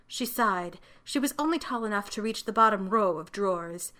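A woman narrating a fantasy short story in a gentle, measured storytelling manner. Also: mid-range voice, lively intonation. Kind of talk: scripted fiction reading.

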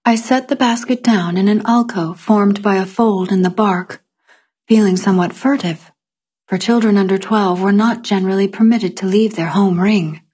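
A woman narrating a fantasy story in the first person, in a measured storytelling manner. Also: medium pitch, darkish tone, slightly rough. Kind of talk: audiobook fiction narration.

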